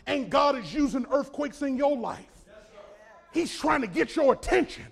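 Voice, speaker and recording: A man preaching a sermon, swinging from quiet asides to shouted exhortation. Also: extremely high pitch, lively intonation, moderate pace, vocal fry, a faint crowd.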